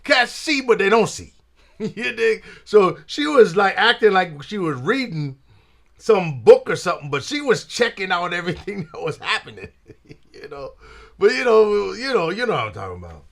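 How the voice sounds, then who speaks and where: A man's voice: high-pitched, sing-song, normal speed, vocal fry, a bit bright. A man hosting his own channel, telling a story in casual jazz slang and often saying "man" and "you dig". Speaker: trumpet player and channel host.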